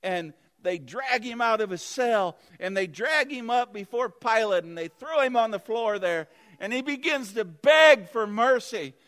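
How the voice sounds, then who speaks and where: A man's voice: sits high, lively intonation, unhurried, a bit bright. A man preaching a sermon, retelling a Bible story earnestly and vividly with restarts.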